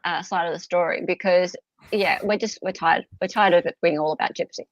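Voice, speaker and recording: An Australian woman co-hosting a casual live stream, chatty and laughing often, with halting restarts. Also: fairly low pitch, fairly even intonation. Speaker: co-host.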